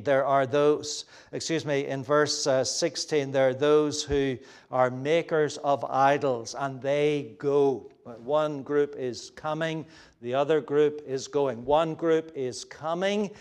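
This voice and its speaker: A man preaching a sermon as a pastor, earnest and halting, with many fillers and restarts, rising when he quotes scripture and growing soft toward the close. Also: on the high side, clear, resonant tone.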